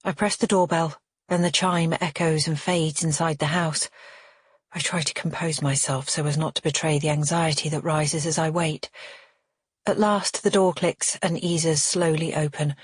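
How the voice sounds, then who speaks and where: A woman reading a first-person thriller audiobook in a measured, steady way. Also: low voice, breathy edge, no room sound, studio quality. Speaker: audiobook narrator.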